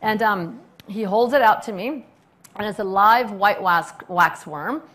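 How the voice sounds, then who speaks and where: A middle-aged woman who runs a restaurant, giving an animated public talk full of stories, fillers and restarts. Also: mid-range voice, a little slow. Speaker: restaurant owner and speaker.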